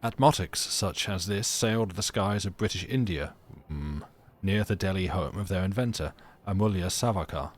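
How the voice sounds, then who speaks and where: Male streamer, lowish voice, casual game reading, chatty asides, playful restarts. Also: normal speed, few pauses. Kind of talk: live let's play, reading game text aloud.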